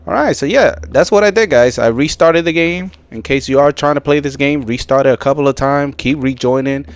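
A man giving casual let's-play commentary on a horror game, chatty and talking to viewers as "guys," quick to burst into shouts and laughter. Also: medium pitch, smooth, no echo. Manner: excitable, jumps to loud shouts and laughter. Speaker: gaming commentator.

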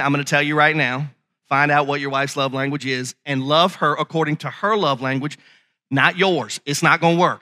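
A male pastor preaching a sermon with passion, asking his congregation questions and rising to shouts. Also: on the high side.

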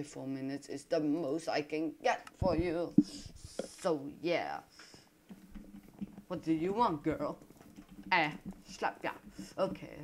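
A young man, an English speaker, giving rambling, excitable commentary over his own gameplay. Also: fairly high pitch, slight background noise. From Russia. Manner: excitable, rambling, quick to complain and panic. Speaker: gaming YouTuber.

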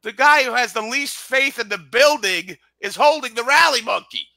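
A man's voice: very high voice, moderate pace, vocal fry, sharp tone, dry recording. A man co-hosting a casual podcast chat, teasing and probing his friends with jokes. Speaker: podcast co-host.

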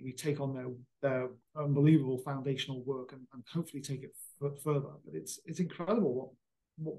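A man's voice: mid-range voice, poor audio. A middle-aged man, an astronomer, chatting casually and explaining with enthusiasm. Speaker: astronomer and former program manager. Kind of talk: casual conversation.

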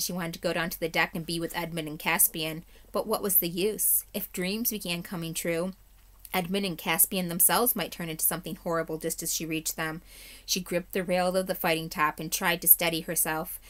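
A woman teacher reading a chapter book aloud to her class, telling it expressively with the odd slip. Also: lowish voice. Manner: expressive storytelling, occasional slips. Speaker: third grade teacher.

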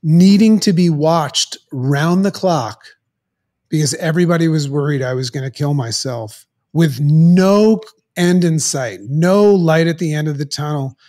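A middle-aged man, a podcast guest, telling a personal story in an earnest, halting way with many restarts. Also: a little high, dark tone.

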